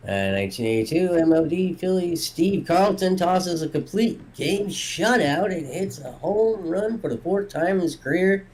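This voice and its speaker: A man co-hosting a history show, reading entries in a relaxed, offhand way. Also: high voice, moderate pace, hardly any pauses, rough recording. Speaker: co-host. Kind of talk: casual history chat.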